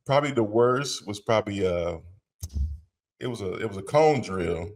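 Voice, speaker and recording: A man's voice: lowish voice, lively intonation, moderate pace, darkish tone. A man in his forties co-hosting a casual sports podcast, loose and rambling, often repeating words and restarting his phrases. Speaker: podcast co-host, former NFL player.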